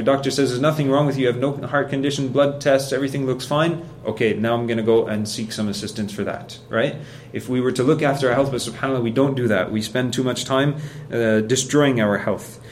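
A man's voice: mid-range voice, a little hiss or hum. A man giving a casual religious lesson in a conversational way, often checking in with "right?" and acting out how people react. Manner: conversational, keeps asking "right?". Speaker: religious teacher.

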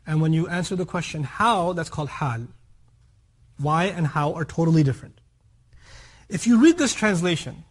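Male Quran teacher, higher register, husky edge. Explanatory lecture with humorous examples, checks in with the audience. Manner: explains by contrast and example, with lively humorous asides; checks in with listeners.

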